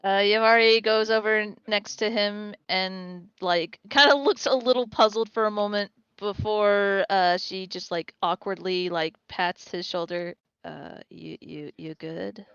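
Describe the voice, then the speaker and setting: A woman's voice: mid-range voice, steady tone, unhurried, few pauses, fairly bright tone, clean tone, dry recording, muffled recording. A woman, a player in a tabletop game, describing her character's actions hesitantly. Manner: hesitant, with fillers.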